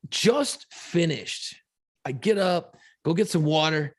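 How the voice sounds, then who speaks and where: Speaking slowly with lively intonation and a fairly high pitch, a middle-aged man tells an emotional, swear-filled story with quoted reactions. He is a podcast co-host and radio host in casual podcast chat, and the studio recording is clean and dry.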